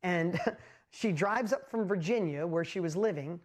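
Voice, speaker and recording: A man hosting a live motivational talk, telling his story with animated energy and lots of exclamations, and often asking the audience questions directly. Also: sits high, unhurried. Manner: speaks straight to the audience with rhetorical questions. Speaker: host and motivational speaker.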